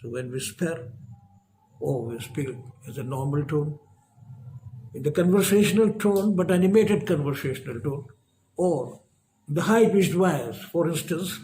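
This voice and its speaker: Slow, measured male lecturer. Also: fairly high pitch, mellow, slight background noise. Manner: measured, emphatic, with long pauses. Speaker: professor.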